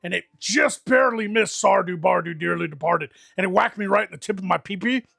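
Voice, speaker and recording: A man's voice: high voice, fairly quick, vocal fry, bright, forceful tone, breathy edge, dry recording, clean studio sound. A man rambling through crude, comic adventure stories in an improvised role-play livestream. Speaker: game master and player.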